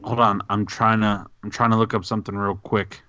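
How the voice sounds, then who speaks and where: A man co-hosting a gaming podcast, rambling excitedly and goofily in over-the-top praise. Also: lowish voice, a little fast, no echo, muffled recording. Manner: excitable, goofy, hyperbolic rambling. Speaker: podcast co-host. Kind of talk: casual podcast chat.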